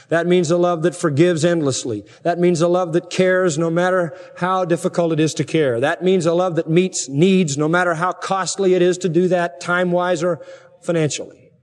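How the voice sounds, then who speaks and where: A man preaching a sermon as pastor, emphatic, with forceful rhetorical peaks. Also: sits high. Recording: long hall reverb.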